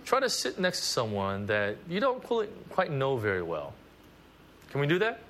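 A man preaching a conversational sermon at a church service, animated and full of asides. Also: medium pitch, normal speed, slight background noise. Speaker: pastor.

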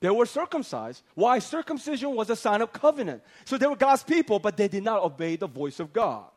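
A man preaching a sermon, animated and joking, acting out the voices of biblical figures as he tells the story. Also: high-pitched, fairly quick. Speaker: pastor. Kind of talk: lively comic sermon.

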